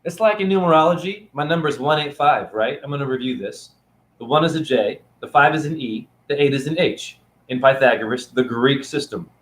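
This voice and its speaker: A man's voice: medium pitch, brisk, echoey room. A man in a rambling, playful, preachy teaching monologue, filmed on his phone. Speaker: spiritual teacher. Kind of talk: casual teaching monologue to camera. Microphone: phone camera.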